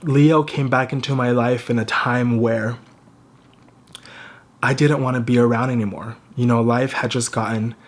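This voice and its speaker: A man's voice: mid-range voice, little pitch movement. Grieving young man with a stutter. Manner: grieving, halting, with a stutter and repeated words. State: fighting back tears. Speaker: vlogger. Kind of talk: emotional personal vlog.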